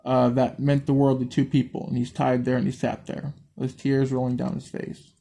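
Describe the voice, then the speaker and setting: Man, reading a horror story aloud, stumbling and restarting, swears at slip-ups, dark mellow voice. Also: medium pitch, completely flat delivery, normal speed, creaky. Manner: stumbles, restarts and swears at his own misreadings. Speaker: story reader.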